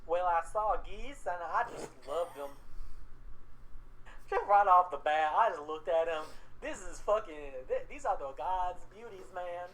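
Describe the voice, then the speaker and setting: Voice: mid-range voice, lively intonation, a little slow, a bit bright, low-quality recording. A game master voicing a wacky male dragonborn shopkeeper who loves geese, with folksy, eager sales patter, in a tabletop game. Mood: eager salesman. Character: quirky goose-loving dragonborn shopkeeper, male. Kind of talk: tabletop role-play voice.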